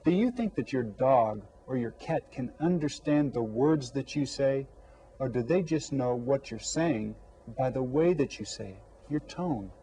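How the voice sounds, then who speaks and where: Leading young kids through a scripted Spanish lesson, this elementary teacher speaks slowly and clearly in a mellow, darker mid-range voice with lively intonation, posing questions and leaving space for replies. The audio is poor, with a faint background hiss.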